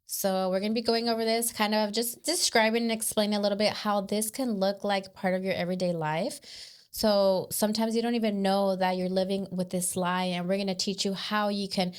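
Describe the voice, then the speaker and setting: A woman's voice: medium pitch, steady tone, brisk, smooth. A young woman co-hosting a faith podcast, explaining things in a heartfelt, plain way. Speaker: podcast co-host. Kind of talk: candid faith podcast chat.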